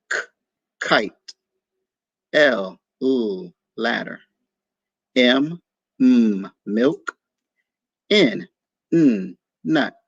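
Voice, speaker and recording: A man teaching young children a phonics lesson, sounding out letters slowly and patiently and praising their answers. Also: mid-range voice, gravelly, a bit bright, slightly rough, no room sound.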